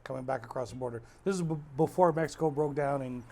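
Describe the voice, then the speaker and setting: A man's voice: mid-range voice, fast talker, dark tone. A man from the Rio Grande Valley, co-hosting a podcast and telling blunt, profane stories. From Rio Grande Valley, Texas. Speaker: podcast co-host. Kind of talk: casual chat.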